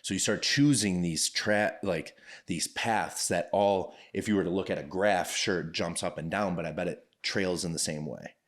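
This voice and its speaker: Deep-voiced profane ranting man. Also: moderate pace, hardly any pauses. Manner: profane, ranting, animated storytelling. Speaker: podcast co-host. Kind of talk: casual chat.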